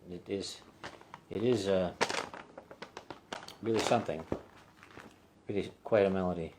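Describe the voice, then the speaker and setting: A man's voice: low-pitched, measured pace, darkish tone, slight background noise. A man hosting his own live-streamed acoustic set, singing songs and chatting loosely and candidly between them, swearing casually. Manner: singing with a guitar. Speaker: singer-songwriter hosting a weekly live stream. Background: his own acoustic guitar.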